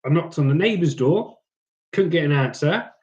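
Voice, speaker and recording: His voice runs a little high and animated, with a darkish tone at a moderate pace, on a muffled recording. As a livestream host reading chat, he casually tells scrapping stories and slips into mock accents.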